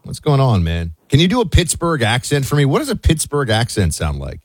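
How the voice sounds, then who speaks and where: A man's voice: mid-range voice, huge pitch swings, a little fast, dry recording. A man hosting a talk radio show, taking calls in a loose, conversational way with plenty of fillers.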